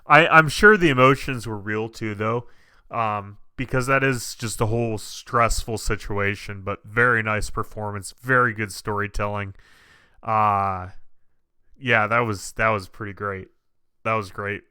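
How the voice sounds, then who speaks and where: Brief: male reaction host, bright clear voice, unhurried, dry close mic. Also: on the low side, steady tone, no echo. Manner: thinks aloud with many restarts, easygoing. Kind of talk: casual reaction commentary.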